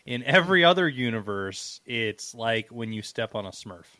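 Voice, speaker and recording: A man co-hosting a podcast, goofy and excitable, jumping quickly between ideas. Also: medium pitch, no echo. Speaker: podcast co-host. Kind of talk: casual podcast chat.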